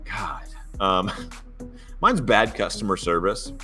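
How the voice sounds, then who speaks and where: A man's voice: on the low side, takes it slowly, soft background music. A man co-hosting a sports podcast, telling stories in casual chat and acting out the dialogue. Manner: animated storyteller, acts out dialogue. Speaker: podcast co-host.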